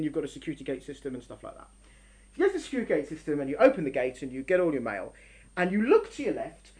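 Lively woman lecturing. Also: mid-range voice. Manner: animated storyteller, acts out scenes, restarts often. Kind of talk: religious lecture with story analogies. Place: lecture room with a live audience.

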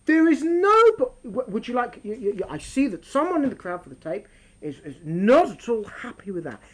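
A woman leading a lively discussion with an audience, animated and quick to talk over interruptions. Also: a little high. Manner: animated, talks over interruptions, mimics voices for fun. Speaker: speaker leading a group discussion.

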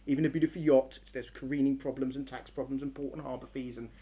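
A woman with a very deep voice talks fast in a religious lecture to a live audience in a room, with a little hiss or hum audible. She tells story analogies animatedly, acting out scenes and often restarting her sentences.

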